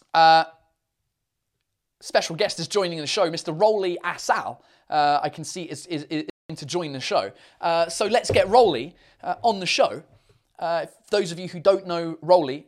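A man's voice: fairly high pitch, moderate pace. A man hosting a casual live stream, rambling bluntly with lots of fillers and the odd swear while answering viewer questions.

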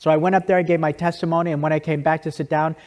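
Man, fairly high voice, conversational storytelling, restarts and asides, long hall reverb. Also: little pitch movement, rapid-fire, darkish tone. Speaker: speaker giving a testimony. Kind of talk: storytelling talk to an audience.

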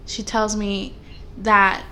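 A young woman co-hosting a podcast in casual chat, telling animated, rambling stories full of fillers. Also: mid-range voice, slow pace, slight background noise. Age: young adult. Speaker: podcast co-host.

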